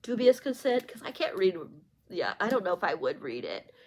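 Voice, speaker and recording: A woman's voice: mid-range voice, big pitch swings, normal speed, rough recording. A woman chatting casually as she reviews a book, gushing and effusive, a little teary. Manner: gushing, effusive, many fillers.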